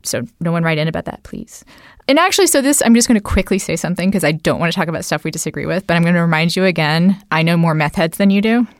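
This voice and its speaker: A woman hosting a podcast, chatting about politics in an animated way with frequent asides. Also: on the low side, fast talker, no echo, clean studio sound. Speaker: podcast host. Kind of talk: casual political conversation.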